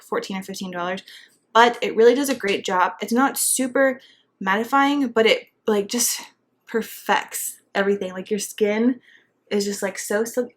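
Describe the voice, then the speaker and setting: A young woman with a lilt rambles cheerfully through a casual makeup tutorial. She is pregnant and a bit out of breath as she talks. Her delivery is chatty, full of fillers and asides, with a pitch in the ordinary middle range. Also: slight background noise. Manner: chatty, bubbly, filler-heavy. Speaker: beauty vlogger.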